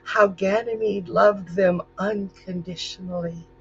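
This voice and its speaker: A woman's voice: medium pitch, fairly even intonation, a little slow, vocal fry, soft background music. A woman hosting a show, telling a myth in an emotional style that builds to intensity, on a dull, lo-fi recording. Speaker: storyteller and psychic host. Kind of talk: dramatic myth storytelling.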